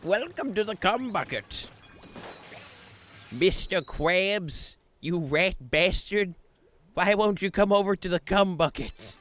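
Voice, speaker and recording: A man's voice: sits high, animated, a bit bright, pitched above the performer's own voice, heavily acted. A man doing a goofy cartoon sponge voice. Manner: slow, drawn-out cartoon impression.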